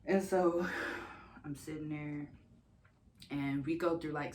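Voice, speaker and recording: Candid, low-voiced young woman telling a story. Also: slow, long pauses, a little hiss or hum. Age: young adult. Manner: candid, animated, swears freely, laughs often. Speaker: vlogger telling her birth story. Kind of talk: casual storytelling vlog.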